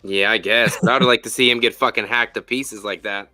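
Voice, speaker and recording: A man hosting a casual spoiler review chat, animated and profane, with lots of fillers. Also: fairly low pitch, brisk, dry recording, soft background music. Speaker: podcast host.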